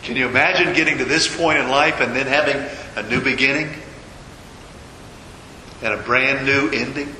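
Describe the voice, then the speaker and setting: A man preaching a sermon as a pastor, telling a story with dramatic pauses and repetition. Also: medium pitch, sharp tone. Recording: echoey hall with long reverb, faint noise.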